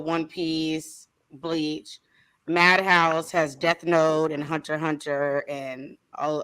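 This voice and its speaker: A woman's voice: sits low, fairly bright tone, clean tone. A woman hosting a casual chat, laughing easily and correcting herself in a flustered way. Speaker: podcast host.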